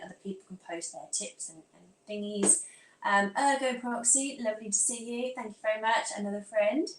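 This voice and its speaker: A woman from England, her accent close to standard southern English, hosts a casual live stream from home. She rambles along, talking to herself as she sorts out her phone and laptop. Her voice carries a roomy echo, with a faint hum of ambience behind it. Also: medium pitch. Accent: southern English, near standard. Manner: chatty, scattered, talks to herself while fiddling with devices. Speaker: vlogger hosting a live stream. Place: room at home. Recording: echoey room with faint ambience.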